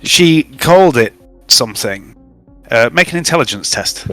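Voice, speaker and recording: A man's voice: medium pitch, moderate pace, faint music behind. Man running a tabletop game. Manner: relaxed recap with frequent fillers. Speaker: game master.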